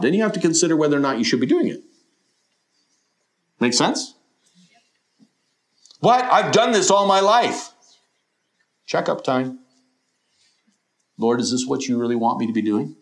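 A middle-aged male pastor preaching a sermon at a mid-range pitch. He talks earnestly and asks his listeners questions, sometimes voicing their doubts. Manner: earnest, questioning preaching with quoted imagined voices.

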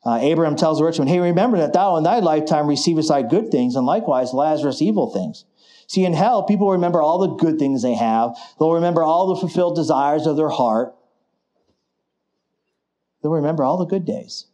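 A middle-aged man preaching a sermon, building to emphatic declarations. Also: on the high side. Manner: emphatic, rising to forceful declarations.

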